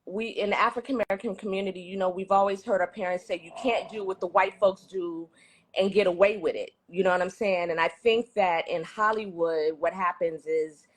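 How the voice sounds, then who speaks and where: Relaxed woman from the Bay Area. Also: mid-range voice, brisk. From San Francisco Bay Area. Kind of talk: casual street interview.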